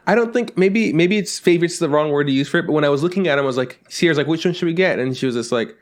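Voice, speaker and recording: Fast-talking man telling rambling stories. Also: a little high. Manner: rambling anecdotes with acted-out quotes, swears freely. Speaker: podcast co-host. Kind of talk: casual storytelling chat.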